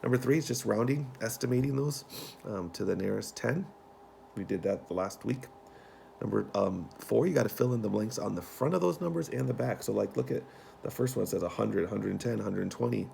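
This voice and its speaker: A man as a teacher, walking young students through homework in a relaxed, folksy way with many fillers. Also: on the low side, brisk, vocal fry, slight background noise. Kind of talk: remote homework walkthrough.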